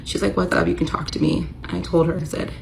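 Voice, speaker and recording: Storytime narrator: American woman, 30s, low voice, emotional, slight noise behind. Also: steady tone, fast, gravelly, low-quality recording. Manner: emotional, rising to near-shouting when retelling the confrontation. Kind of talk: storytime confessional.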